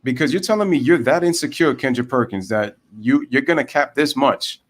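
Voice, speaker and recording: A young man giving casual live baseball play-by-play, chatting with viewers and going off on animated rants. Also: mid-range voice, a little fast, hardly any pauses. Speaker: live baseball commentator and streamer.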